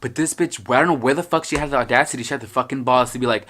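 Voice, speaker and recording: A man's voice: medium pitch, racing, hardly any pauses, fairly bright tone. A young man telling stories in a casual vlog, rambling, joking and swearing freely. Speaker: vlogger.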